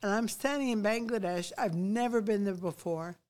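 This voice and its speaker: A woman's voice: mid-range voice, normal speed. An older woman, a missionary guest, telling personal stories and exhorting listeners in an outspoken, emphatic way. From United States. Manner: outspoken, emphatic, animated retelling.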